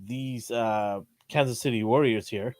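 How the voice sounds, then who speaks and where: Relaxed man, dry close sound. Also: medium pitch, measured pace, no echo. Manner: laid-back, chuckling, slangy. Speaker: podcast co-host. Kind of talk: casual chat.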